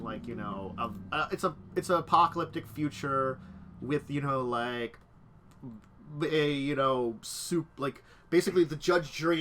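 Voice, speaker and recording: Recorded indoors near a street with slight background noise, a medium-pitched man with a fairly bright tone chats casually as host of a tabletop gaming show. He wanders off on tangents and chuckles at his own jokes.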